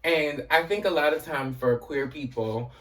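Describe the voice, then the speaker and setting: A man's voice: fairly high pitch, unhurried, a bit bright, far from the mic. A man casually recapping a TV episode as host, chatty and profane, filling his talk with "you know" and "um".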